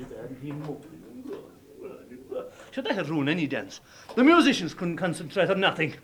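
Irish man, folk storyteller, fairly high voice, lively dramatic telling.

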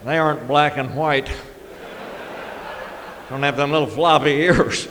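Middle-aged man, deadpan drawl, comic storytelling, slightly high voice, live hall echo. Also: measured pace, noisy background. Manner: drawling, deadpan, with sound effects and chuckles. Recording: live hall reverb, faint ambience.

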